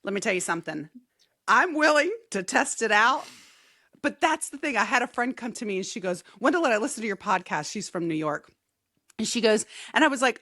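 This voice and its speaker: A woman co-hosting a podcast in casual chat, telling playful, animated stories. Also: a little high, normal speed, no room sound, studio quality. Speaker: podcast co-host.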